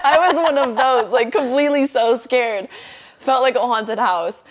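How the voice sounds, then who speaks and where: A young woman telling a story in casual podcast chat, animated and swearing often, acting out her own quotes. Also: fairly high pitch, normal speed.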